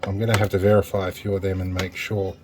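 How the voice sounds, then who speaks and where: An Australian man talks his way through a repair job at his workbench, chatty and a bit self-deprecating. His voice sits fairly low. A faint hiss of background noise runs under the recording. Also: flat delivery, fast talker. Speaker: repair video host. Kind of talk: casual workbench narration.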